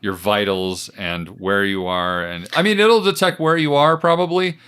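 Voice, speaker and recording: A man's voice: lowish voice, steady tone, moderate pace, fairly bright tone, smooth. Blunt, laughing male podcast co-host. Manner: laughs often, blunt, swears. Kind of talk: casual film-review chat.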